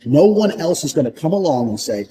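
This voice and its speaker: A man's voice: fairly high pitch, very animated, brisk, mellow, a little hiss or hum, rough recording. A man giving a blunt, profane motivational monologue, hammering points home through repetition. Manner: repeats points for emphasis. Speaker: motivational speaker.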